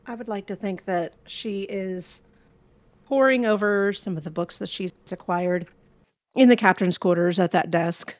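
Calm woman player, dull dry sound. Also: mid-range voice, measured pace, dry recording.

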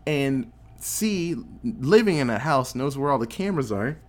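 Animated man recapping a movie. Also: medium pitch, a little slow. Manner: animated storyteller acting out quotes, swears freely. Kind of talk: casual movie recap chat.

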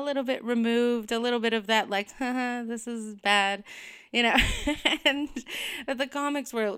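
A woman's voice: mid-range voice, a bit bright, clean tone. A young woman comedian telling a personal story in a vlog, rambling and candid, with many fillers. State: tearful, emotional near the end.

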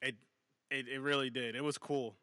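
Guy gushing about movies, cusses a lot, bright tense voice, dry close sound. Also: medium pitch, normal speed, dry recording. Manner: excitable, swears a lot, many restarts. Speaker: podcast co-host. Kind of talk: casual movie chat.

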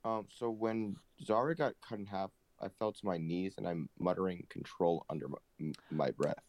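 A man's voice: sits low, normal speed, a little mellow, poor audio. A man taking part as a player in a tabletop game, describing his character's actions in a laid-back, joking way. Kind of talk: casual tabletop game play.

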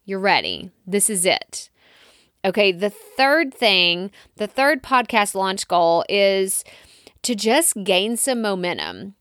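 A woman's voice: medium pitch, sing-song, slow pace, a bit bright, dry recording, clean studio sound. A woman with a Texas accent hosting a solo podcast, talking in a chatty, encouraging way and acting out her listeners' worries. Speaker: podcast host. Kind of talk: solo podcast coaching talk.

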